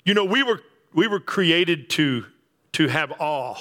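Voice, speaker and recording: A man's voice: fairly high pitch, expressive, measured pace, bright, forceful tone. A man preaching a sermon, emphatic and repetitive, building up on key phrases. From Texas Panhandle. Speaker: pastor.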